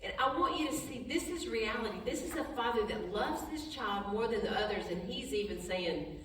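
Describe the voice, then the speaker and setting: A woman's voice: fairly high pitch, animated, a little hiss or hum. A woman leading a Bible study, reading scripture aloud and stopping to explain it in plain, chatty words. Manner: plain talk with restarts, brief laughs, soft and slow in prayer. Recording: echoey hall, voice from far off.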